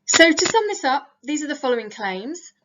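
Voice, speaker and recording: A woman's voice: high-pitched, big pitch swings, moderate pace, a bit bright, lo-fi sound. Woman giving a careful academic talk. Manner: careful, explanatory, with slight restarts. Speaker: lecturer. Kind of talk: recorded academic slide talk.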